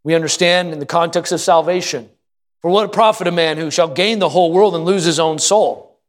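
A man pastor preaching a sermon at a church service, building to shouted emphasis and asking the congregation call-and-response questions. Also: fairly high pitch, a little fast.

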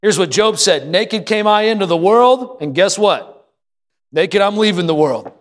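A man pastor preaching a sermon at a church service, building to shouted emphasis and asking the congregation call-and-response questions. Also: high voice, lively intonation, unhurried.

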